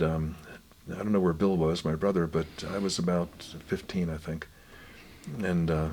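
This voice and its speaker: An older man, a guest author, gently shares family stories at an unhurried, reflective pace. His low voice often drops quiet.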